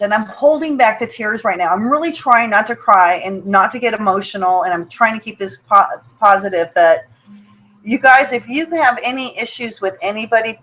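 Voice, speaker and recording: A woman's voice: mid-range voice, a bit bright. Earnest woman hosting a muffled webinar. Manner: earnest and personal, repeats words, checks in with "okay?". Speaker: webinar host. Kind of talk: motivational webinar talk.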